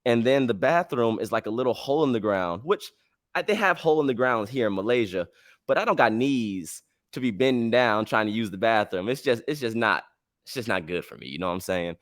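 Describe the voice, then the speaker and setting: An American podcast host with a medium-pitched, slightly bright voice speaks a little fast with lively intonation. He tells a travel story in casual slang, acting out the dialogue, and the recording is clean studio sound with no room tone.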